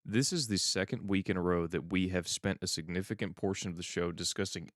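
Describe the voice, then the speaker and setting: A man's voice: low voice, a little fast, no room sound, clean studio sound. A man co-hosting a podcast in casual chat, wry and laid-back. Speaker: podcast co-host.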